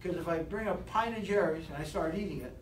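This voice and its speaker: A man leading a live motivational sales seminar, animated and rousing, constantly quizzing his audience, recorded from a distance in an echoey training room. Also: fairly high pitch, fast. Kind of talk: live seminar talk to a class. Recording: echoey room, distant mic, faint hiss.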